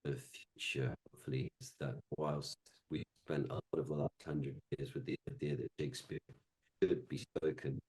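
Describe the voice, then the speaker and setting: A man with an English accent with slight Welsh tinges, speaking as a panelist in a thoughtful, measured way with frequent ums. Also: rumbling low, flat delivery, darkish tone, slightly rough. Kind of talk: lecture panel discussion.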